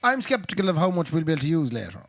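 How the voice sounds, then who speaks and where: A man's voice: on the high side, big pitch swings, racing, noisy background. A man with an Irish accent co-hosting a casual podcast chat, teasing and a little tipsy. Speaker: podcast co-host.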